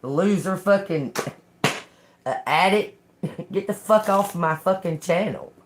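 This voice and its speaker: An older woman giving a live-stream tarot reading in a slow, profane, confrontational manner. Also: on the low side, expressive, background noise. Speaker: tarot reader.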